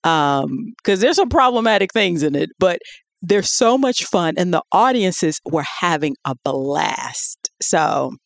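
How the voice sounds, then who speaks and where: A woman co-hosting a podcast in casual chat, telling stories in an animated way with laughs. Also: lowish voice, slow pace, gravelly, no echo, studio quality. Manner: animated storytelling with laughs and acted quotes. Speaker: podcast co-host.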